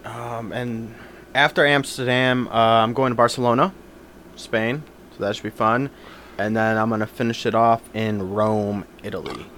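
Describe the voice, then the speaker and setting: A man's voice: medium pitch, steady tone, moderate pace, a bit bright, slight background noise. A man co-hosting a casual podcast chat, rambling with lots of fillers and sitting back from the microphone. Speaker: podcast co-host. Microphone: sits back from the microphone.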